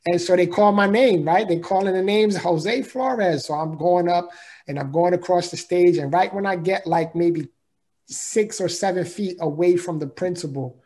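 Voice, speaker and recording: A man's voice: high-pitched, moderate pace, a little mellow. A man telling a personal story as an interview guest, earnest and emphatic, in a casual way of talking.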